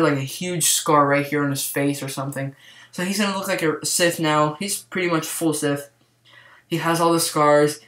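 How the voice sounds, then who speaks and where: A man giving a casual movie review to camera, rambling and excited, with lots of "like" fillers. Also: on the high side. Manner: rambling, excitable, heavy use of "like". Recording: roomy echo.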